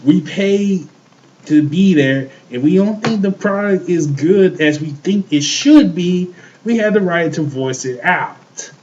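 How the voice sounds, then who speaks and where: A man's voice: high voice, animated, slow, darkish tone, lo-fi sound, a little hiss or hum. A man co-hosting a show, ranting in heated casual chat, swearing often and repeating himself. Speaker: podcast co-host.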